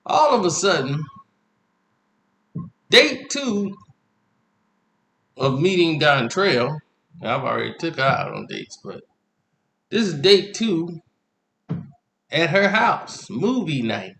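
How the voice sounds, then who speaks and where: A young man tells a comic dating story in loose slang, laughing as he goes. His voice sits a bit high and swings widely with every beat. The sound is echoey, like a bare room. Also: very animated, slow pace, long pauses, a bit bright. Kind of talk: comedic storytelling.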